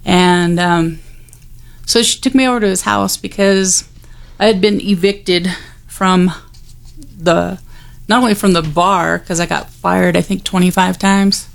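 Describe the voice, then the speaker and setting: Woman with a gravelly voice telling her life story, candid and kinda wry. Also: on the low side, steady tone, unhurried. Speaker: guest sharing her testimony. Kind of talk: personal testimony, conversational storytelling.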